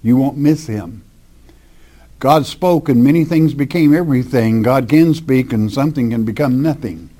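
A man's voice: medium pitch, normal speed, warm tone. A man preaching a verse-by-verse Bible teaching, reading scripture aloud and explaining it emphatically in plain words with asides.

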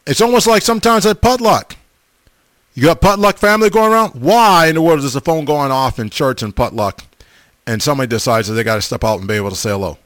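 Middle-aged guy, folksy chatty host, kinda high-ish voice. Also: quick pace, no echo. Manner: folksy, animated, repeats words. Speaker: host reading viewer comments. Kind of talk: casual chat.

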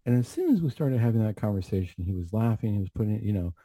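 This counselor's lowish, warm voice is animated and quick as he offers an earnest, reflective faith testimony on a talk show. He wanders into plenty of asides, and there's no echo on the recording.

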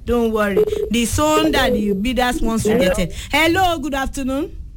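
A young Nigerian woman with a Yoruba-influenced accent hosts a call-in radio show from a studio, taking callers over a loud crowd. Her fairly high voice is lively in intonation but measured in pace, and she's chatty and bubbly, slipping in and out of Yoruba.

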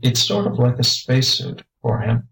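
A man's voice: mid-range voice, lively intonation, moderate pace, creaky, fairly bright tone, low-quality recording. A man reading the part of an easygoing, friendly adult crewman on a space freighter. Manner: easygoing, chuckling. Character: tall spidery friendly male crewman.

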